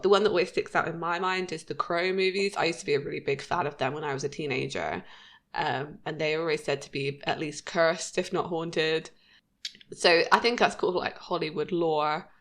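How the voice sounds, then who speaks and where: A woman in her thirties co-hosting a podcast, chatting casually about a TV episode and laughing often. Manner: chatty, laughs often, lively pitch jumps. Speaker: podcast co-host.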